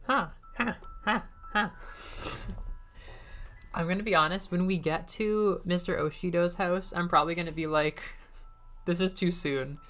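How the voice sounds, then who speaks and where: A woman's voice: fairly low pitch, fairly even intonation, normal speed, pauses often, fairly bright tone, soft background music. A woman streamer giving casual, self-mocking commentary while she plays a game. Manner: chatty, self-mocking, giggly asides. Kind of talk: casual let's-play commentary.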